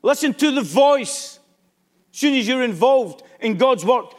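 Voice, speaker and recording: Very high-voiced man preaching emphatically. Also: lively intonation, measured pace. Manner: emphatic, rising to shouts. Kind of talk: sermon.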